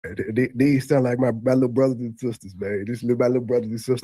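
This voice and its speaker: A man's voice: medium pitch, fairly even intonation, quick pace, few pauses, warm tone, slightly rough, no echo. A man hosting a casual reaction commentary, talking in looping, stammering restarts. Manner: repetitive stammering restarts, conversational. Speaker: commentary host reacting to a replayed clip.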